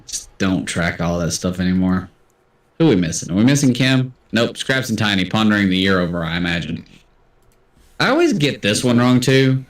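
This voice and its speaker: A man's voice: lowish voice, big pitch swings, normal speed, echoey room, far from the mic. A man hosting a casual livestream trivia game, chatty and self-deprecating as he reads out answers. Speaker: trivia host.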